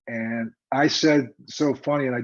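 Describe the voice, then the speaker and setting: An older man, a retired football coach, telling a story in a lively, emphatic, conversational way during an interview. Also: mid-range voice, measured pace. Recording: dull lo-fi remote audio.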